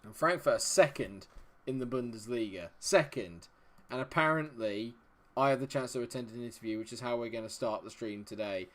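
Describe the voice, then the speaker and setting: A man's voice: mid-range voice, a little fast. Chatty man live-streaming a game. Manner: chatty, greets viewers, mutters while fiddling with settings. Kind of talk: live-stream commentary talking to chat.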